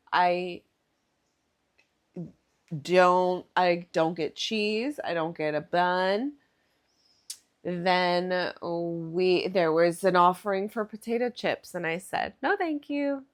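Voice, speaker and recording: A woman's voice: lowish voice, steady tone, slow. A woman hypnotherapist in a casual reflective vlog, meandering and spiritual, saying "like" often.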